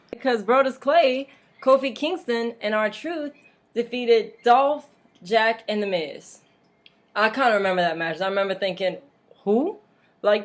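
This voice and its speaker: A woman talks through a wrestling recap at home, rambling loosely with lots of fillers. She laughs easily and drops mocking asides. Her pitch is middling for a woman and her tone is relaxed and conversational. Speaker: vlog host. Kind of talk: casual wrestling recap vlog.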